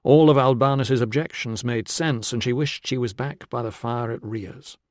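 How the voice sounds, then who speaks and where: A man reading an audiobook in a measured, steady scripted narration. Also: mid-range voice, no room sound, studio quality.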